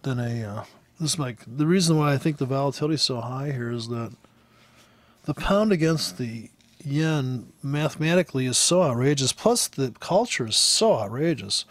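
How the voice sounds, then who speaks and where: A man's voice: medium pitch, expressive, moderate pace, no room sound. A man from the United States, a forex trader, ranting in a casual, rambling way over a live chart, swearing freely and laughing often. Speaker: forex trader and trading teacher.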